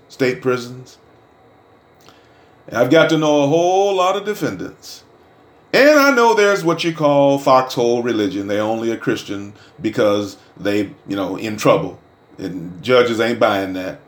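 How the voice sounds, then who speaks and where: A middle-aged man preaching and telling his own testimony, dropping to hushed murmurs and rising to loud shouts. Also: medium pitch. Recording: roomy echo.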